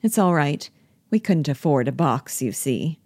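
Bitter jealous wife in a stage play, woman reading it, cutting and pleading, low voice. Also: sing-song, measured pace, darkish tone, no echo, heavily acted.

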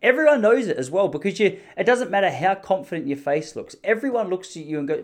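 A young Australian man, a podcast host, telling a comedic story in an animated, ranting, self-mocking way. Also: high-pitched, brisk, hardly any pauses.

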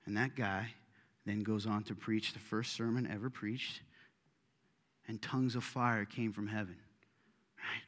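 A middle-aged man preaching a sermon to his congregation, swinging between loud bursts and hushed asides. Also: lowish voice, steady tone, a little slow, long pauses. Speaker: pastor. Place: church auditorium. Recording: reverberant hall.

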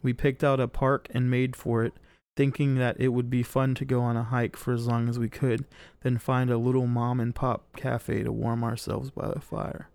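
A man's voice: mid-range voice, little pitch movement, moderate pace, a little mellow, smooth, no echo. A man hosting a podcast, reading a listener's story aloud in a casual way and laughing and swearing at it between sentences. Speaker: podcast host.

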